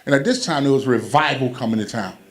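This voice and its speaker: A man performing stand-up comedy into a handheld stage mic. He tells family stories in an easy, conversational way. He turns animated and loud when he acts out the punchlines. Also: mid-range voice, fast talker. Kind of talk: stand-up storytelling.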